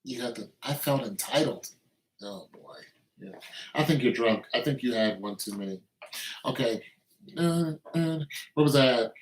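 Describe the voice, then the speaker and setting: A man's voice: medium pitch, animated, normal speed, long pauses, slight background noise. A man in a blunt, preachy and joking casual rant, recorded in an echoey room with faint music behind. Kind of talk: casual rant with improvised singing.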